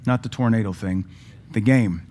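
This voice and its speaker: A man's voice: lowish voice, moderate pace, a little mellow. A male pastor, preaching a sermon in a conversational, folksy way with asides to the congregation. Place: church.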